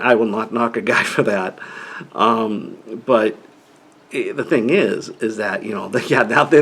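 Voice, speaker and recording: A man's voice: on the low side, fairly bright tone, slightly rough. A middle-aged man talking casually about living with an inner-ear condition, rambling and restarting his sentences often. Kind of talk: casual personal talk to camera.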